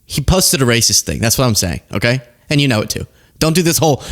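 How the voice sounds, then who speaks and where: A young man hosting a casual political commentary show, sarcastic and quick to laugh at his own jokes. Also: mid-range voice, animated.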